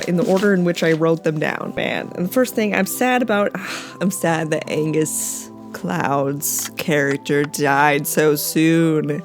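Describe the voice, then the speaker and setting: Female vlogger, casual and scattered, laughs easily; faint music underneath. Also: low-pitched. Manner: chatty, scattered, quick to laugh. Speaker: vlogger reviewing a film. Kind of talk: casual chat.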